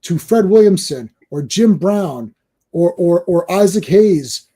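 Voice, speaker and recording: Dude co-hosting a podcast, mellow husky voice, gets fired up and rants. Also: male voice, high-pitched, slow pace. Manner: animated, ranting, laughs often. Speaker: podcast co-host. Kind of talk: casual chat.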